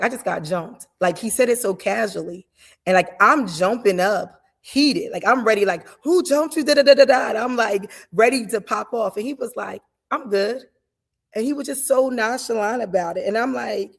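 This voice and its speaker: A woman in her thirties speaks with quiet earnestness, her voice sitting on the lower side. When she retells a heated moment she becomes lively and animated. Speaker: guest defense attorney. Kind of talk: emotional personal conversation.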